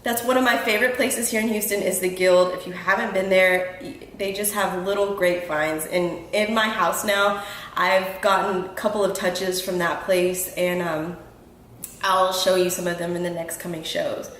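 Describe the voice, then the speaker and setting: A woman's voice: fairly low pitch, fairly even intonation, moderate pace, fairly bright tone, slight background noise. Chatty woman host in an echoey room. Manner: chatty, earnest, lots of ums and restarts. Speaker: podcast host. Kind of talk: casual talk to the audience. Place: home room in Houston.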